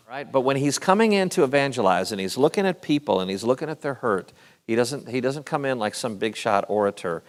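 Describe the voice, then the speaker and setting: Lively pastor guy hosting and preaching, jokey, pitch all over the place. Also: fairly quick. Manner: animated, joking, puts on voices in stories. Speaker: pastor and show host. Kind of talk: talk-show hosting and sermon. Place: church event stage.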